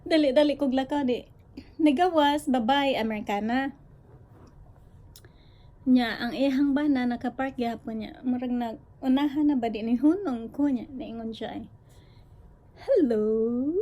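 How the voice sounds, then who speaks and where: A woman with a Filipino accent telling a personal story in a vlog, mixing in a second language and often clearing her throat. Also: a little high, dark tone. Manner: switches between English and Cebuano, frequent throat clearing. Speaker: vlogger.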